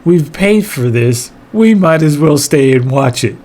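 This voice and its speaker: A man's voice: a little high, animated, a little slow, darkish tone. A man voicing a stubborn, oblivious father who shrugs off a complaint. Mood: unbothered.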